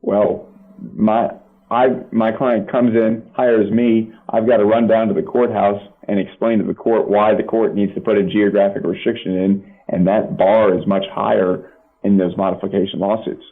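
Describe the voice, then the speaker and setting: A man's voice: on the low side, little pitch movement, normal speed. A man, a family law attorney and podcast guest, explaining legal points plainly with practical examples. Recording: tinny phone-like line.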